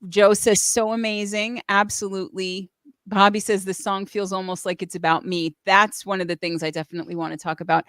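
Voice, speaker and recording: A woman's voice: mid-range voice, level tone, a little fast, a bit bright, dry recording, clean studio sound. A middle-aged woman hosting a casual livestream, gushing emotionally and reading chat messages aloud. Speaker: host.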